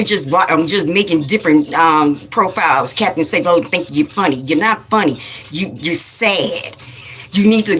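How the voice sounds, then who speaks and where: Scolding preachy woman on a livestream. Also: fairly low pitch. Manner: preachy, scolding, rapid-fire; repeats phrases for emphasis. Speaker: livestream host. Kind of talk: spiritual livestream talk.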